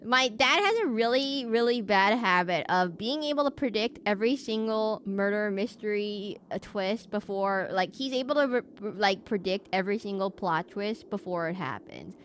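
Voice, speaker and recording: A woman's voice: medium pitch, animated, moderate pace, hardly any pauses, a bit bright, a little hiss or hum. A young woman streaming live, chatting casually and rambling with many restarts. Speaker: VTuber streamer.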